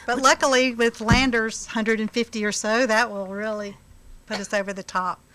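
A woman guest on a radio show, soft-spoken and speaking a little away from the mic. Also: a little high, steady tone, normal speed, low-quality recording.

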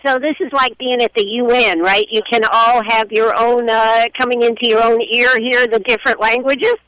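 Bright, conversational radio talk show host. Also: medium pitch, steady tone, normal speed, dry recording, low-quality recording. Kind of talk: live radio interview. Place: public library.

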